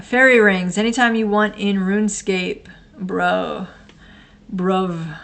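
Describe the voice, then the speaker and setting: A woman's voice: medium pitch, creaky, fairly bright tone. A woman in her thirties hosting a livestream, chatting casually and answering viewer comments in a rambling, blunt way with frequent laughter. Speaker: livestream host.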